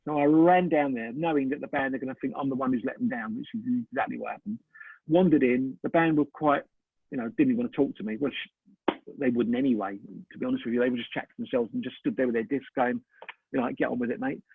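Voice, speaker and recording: Fast-talking man on a tinny line. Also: medium pitch, creaky, slightly rough, no echo. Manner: animated storyteller acting out both sides of dialogue. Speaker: photographer, interview guest. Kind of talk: casual anecdote in an interview. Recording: dry, tinny phone-like call audio.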